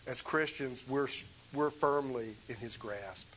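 A man's voice: medium pitch, slow pace, a bit bright, a little hiss or hum, poor audio. A man preaching a sermon in an impassioned, emphatic way, pressing his points with rhetorical questions.

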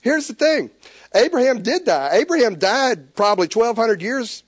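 A man preaching a sermon, animated, with stammered restarts. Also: very high voice, normal speed, husky, dry recording, studio quality. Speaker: pastor.

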